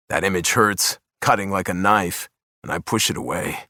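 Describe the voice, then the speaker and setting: A man's voice: low-pitched, moderate pace, pushed and bright, no room sound, clean studio sound. A man narrating a first-person romance audiobook in an intimate, emotional tone.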